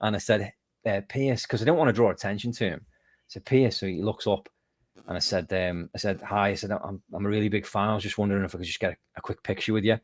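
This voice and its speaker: A man's voice: fairly low pitch, fast talker, dry recording. A man from the UK, a guest musician telling stories in a casual interview. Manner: animated storyteller, lively and self-mocking.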